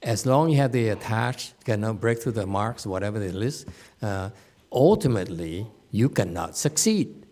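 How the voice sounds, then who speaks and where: A man's voice: lowish voice, expressive, normal speed, darkish tone. A man teaching a dharma lecture to students at a meditation center, plain-spoken and teasing, with many fillers and restarts. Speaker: Buddhist teacher.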